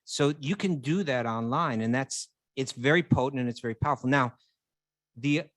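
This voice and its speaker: A man's voice: mid-range voice, moderate pace, fairly bright tone, dry recording. A man co-hosting a casual spiritual chat, earnestly explaining his ideas and building his points step by step. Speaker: co-host.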